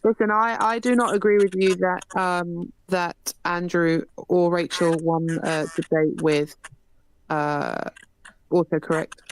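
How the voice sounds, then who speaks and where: A woman's voice: fairly low pitch, steady tone, unhurried, slight background noise. Woman host questioning a caller. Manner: questioning, repeatedly interrupting to ask why. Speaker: stream host moderating. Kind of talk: moderating an online debate.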